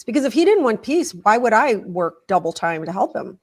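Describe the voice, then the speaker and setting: A woman's voice: on the high side, lively intonation, moderate pace, few pauses, slightly rough. A woman guest on an interview show, earnestly explaining ideas with stories and examples.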